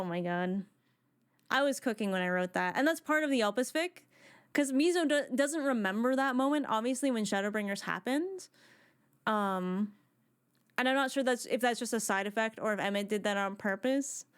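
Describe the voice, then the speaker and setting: A woman streamer chatting casually while she plays a video game, rambling with excitement and restarting her sentences often. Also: a little high, clear, resonant tone. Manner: excited, rambling fan talk with many restarts.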